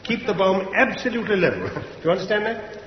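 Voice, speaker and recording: A man's voice: high voice, big pitch swings, fast. An actor playing a flippant, cheery bomb disposal officer who chuckles as he talks, in a radio sitcom. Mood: breezy. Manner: chuckling, breezy, offhand. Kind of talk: 1970s radio sitcom acting. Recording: echoey hall, dull radio recording, hiss.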